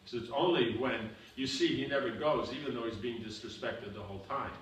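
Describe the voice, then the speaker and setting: A spiritual teacher, a man with a brisk mid-range voice, answers questions in a seminar Q&A lecture. He explains with repeated examples and frequently says "you know" and "you understand?" He sounds echoey and distant, recorded far from the mic in a seminar room with faint noise.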